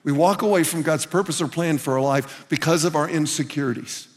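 A man's voice: on the high side, a little fast. A man preaching a sermon to a congregation, earnestly repeating lines for emphasis. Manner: earnest, repeats phrases for emphasis, calls listeners "guys". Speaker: pastor. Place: church hall with a congregation. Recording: long reverb of a large hall.

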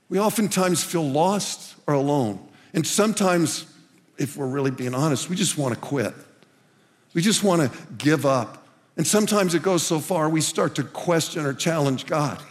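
A man preaching a sermon to a congregation, earnestly repeating lines for emphasis. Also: fairly high pitch. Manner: earnest, repeats phrases for emphasis, calls listeners "guys". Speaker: pastor. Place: church hall with a congregation. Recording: long reverb of a large hall.

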